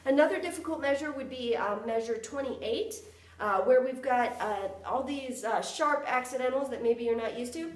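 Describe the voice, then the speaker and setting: A woman with a high voice teaches flute at a normal speed, counting the beats aloud and singing articulation syllables as demonstrations. The background is noisy, and flute playing is audible. She's recorded from a distance in an echoey room.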